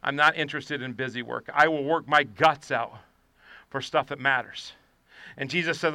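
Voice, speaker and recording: Bright, crisp-voiced preaching man. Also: moderate pace, no echo. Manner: swings from shouted preaching to quiet, low confiding. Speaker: pastor. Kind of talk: sermon.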